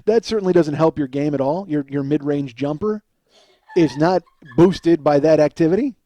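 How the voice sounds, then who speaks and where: A man's voice: fairly high pitch, moderate pace, dark tone, no room sound, dull audio. A middle-aged man hosting a solo comedy podcast, telling a rambling, self-deprecating story and laughing at himself. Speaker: podcast host.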